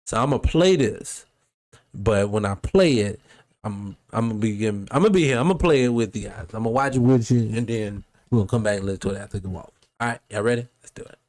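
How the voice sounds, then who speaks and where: A man hosting a show, giving casual reaction commentary in an animated, rambling and profane way. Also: on the low side, fast talker. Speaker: host.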